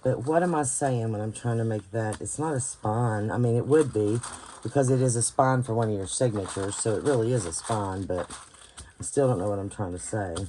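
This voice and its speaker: This woman, a bookbinding crafter with a West Virginian accent, runs a casual late-night tutorial on her channel while tired, thinking aloud, rambling and searching for the right words. She speaks fairly quickly in an extremely low, dark voice, with slight background noise and clear paper crinkles and clicks behind her.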